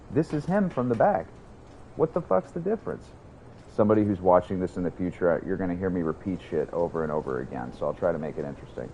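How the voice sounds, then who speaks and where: A man's voice: deep voice, warm tone, a little hiss or hum. A young man chatting casually while livestreaming a game, rambling, swearing and answering his chat. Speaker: streamer.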